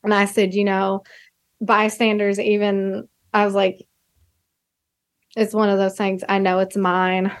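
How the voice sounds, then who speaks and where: A woman's voice: mid-range voice, little pitch movement, measured pace, pauses often, no echo, studio quality. A young woman, a filmmaker guest on a podcast, talking in an emotional, gushing way that comes in fits and starts. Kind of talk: casual podcast chat.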